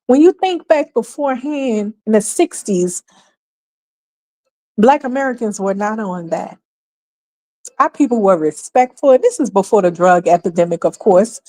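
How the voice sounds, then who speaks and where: A woman's voice: mid-range voice, expressive, a little slow, warm tone. A woman from New York hosting a livestream, delivering emphatic, sarcastic, opinionated commentary full of rhetorical questions. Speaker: livestream host.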